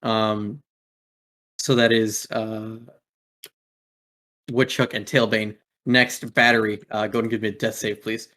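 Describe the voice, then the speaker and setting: A man's voice: on the low side, level tone, slow, pauses often, bright, forceful tone. A man narrating as game master in a casual way, full of fillers. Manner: casual, many fillers, swears.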